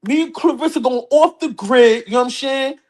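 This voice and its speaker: A woman playing a brash adult man from Brooklyn, talking gruff street slang with heated, repetitive force. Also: sits high, brisk, a little mellow, lightly acted. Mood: fed up.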